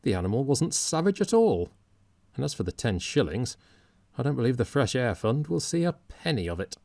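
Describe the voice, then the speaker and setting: A man's voice: mid-range voice, very animated, normal speed, gravelly, darkish tone, dry recording. A man reading an audiobook, voicing a flustered, indignant middle-aged lady in a prim, fussy, shaken manner.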